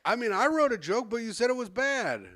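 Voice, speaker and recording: A man's voice: very high-pitched, very animated, fairly quick, a bit bright, no echo, studio quality. A man co-hosting a comedy podcast, telling a long, rambling story and acting out the other people in it. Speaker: podcast co-host. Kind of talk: casual comedy podcast chat.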